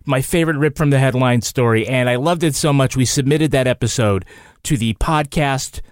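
A man co-hosting a podcast, chatting casually with wry, deadpan jokes. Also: medium pitch, normal speed, smooth, no echo, clean studio sound. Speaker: podcast co-host. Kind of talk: casual chat.

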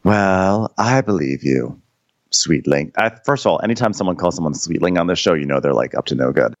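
A man with a very deep voice co-hosts a comedic podcast, recapping a TV episode with wry, dry asides. His mic sounds dry and a little dull, like a lo-fi home recording. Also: expressive, very fast, no room sound. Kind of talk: casual comedic recap chat.

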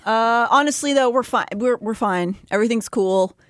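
A woman's voice: on the high side, moderate pace, dry recording, clean studio sound. A woman co-hosting a podcast in casual, opinionated chat, laughing easily. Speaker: podcast co-host.

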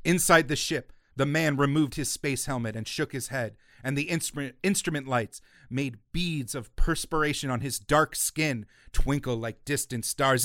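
A man co-hosting a casual podcast, retelling a comic book story and acting out quoted lines in an animated way. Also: medium pitch, normal speed, hardly any pauses, no room sound, studio quality. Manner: animated, acts out quoted lines, gets loud and worked up. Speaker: podcast co-host.

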